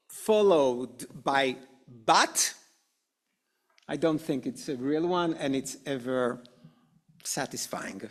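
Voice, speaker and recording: A middle-aged man lectures an adult class in a synagogue classroom. He talks slowly, and his slightly high voice swings widely. He acts out quoted excuses as he goes. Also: animated. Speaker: adult education teacher.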